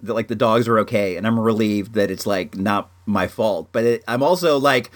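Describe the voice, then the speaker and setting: A man's voice: on the low side, normal speed. A man hosting his own home show, telling a long personal story in a rambling, casual way, full of "like" and "dude". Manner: rambling, animated, heavy use of "like" and "dude".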